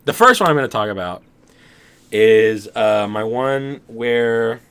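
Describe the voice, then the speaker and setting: A man's voice: mid-range voice, animated, slow, a bit bright, smooth. A young man co-hosting a podcast, telling a dream in casual chat, rambling and laughing often. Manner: rambling, laughs often, acts out his own reactions. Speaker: podcast co-host.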